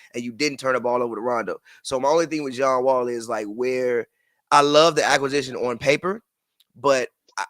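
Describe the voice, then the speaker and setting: A man's voice: medium pitch, a bit bright, dry recording, studio quality. Laid-back man hedging his takes. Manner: laid-back, hedging, repeats himself, swears. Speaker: podcast co-host. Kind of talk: casual basketball talk.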